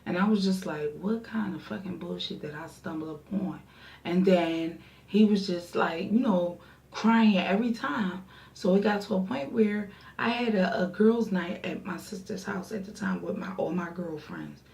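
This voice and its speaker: A young woman vlogger telling a casual story, animated and acting out her friends' voices. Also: medium pitch, moderate pace, gravelly. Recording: roomy echo, distant mic.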